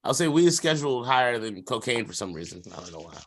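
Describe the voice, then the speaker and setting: A man's voice: mid-range voice, very animated, fast. A man co-hosting a sports podcast in casual chat, rambling with lots of fillers and slang and laughing often. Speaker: podcast co-host.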